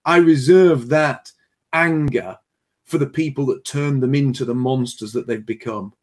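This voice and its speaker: A man's voice: mid-range voice, measured pace, darkish tone. A man hosting a casual panel show, reading out viewer messages with chatty, self-deprecating asides. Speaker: podcast host reading viewer donations.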